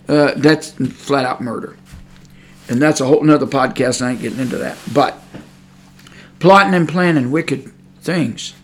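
A man's voice: high-pitched, fairly bright tone. A man preaching a podcast sermon in a fiery, scolding way, with loose colloquial speech and repeated rhetorical "huh?" asides.

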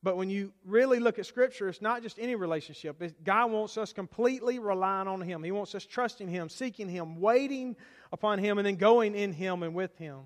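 A pastor with a high voice preaches fairly quickly in a church sanctuary, acting out quoted voices and swinging dramatically between loud, stressed lines and near-whispers. The recording rings with a long hall reverb.

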